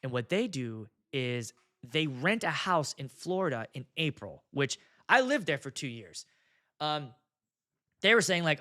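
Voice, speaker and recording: Animated, blunt DJ talking casually. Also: male voice, on the high side, unhurried. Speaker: wedding DJ and video host. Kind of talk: casual monologue.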